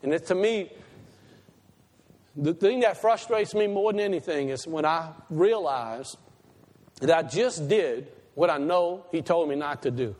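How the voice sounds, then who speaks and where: A man preaching a sermon as pastor, swinging from loud emphatic peaks to quiet asides. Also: fairly high pitch, measured pace. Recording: long hall reverb.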